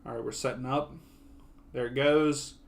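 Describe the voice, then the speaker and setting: A young man giving loose live commentary on a soccer match for his viewers. His voice sits at a middling pitch and stays chatty, then jumps into eager shouting when something happens. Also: moderate pace, gravelly. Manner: excitable, casual play-by-play. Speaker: watch-along host.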